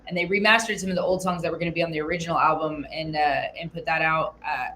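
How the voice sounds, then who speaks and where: A woman's voice: low-pitched, fairly even intonation, pushed and bright, a little hiss or hum. Chatty joking woman on a livestream. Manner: chatty, joking, quick comebacks. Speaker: guest co-host of a reaction channel. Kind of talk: casual livestream chat.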